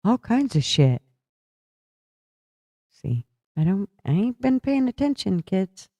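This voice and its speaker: Slow, tired livestream host. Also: mid-range voice, big pitch swings, warm tone, no room sound. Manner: loose and chatty, talking back to the chat. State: tired, yawning. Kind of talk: casual political chat, reading viewer comments aloud.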